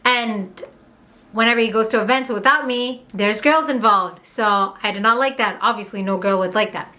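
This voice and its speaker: A young woman from Montreal telling a candid, heated storytime on her vlog, swearing and rushing through asides. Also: medium pitch, sharp tone. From Montreal, Canada. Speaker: vlogger.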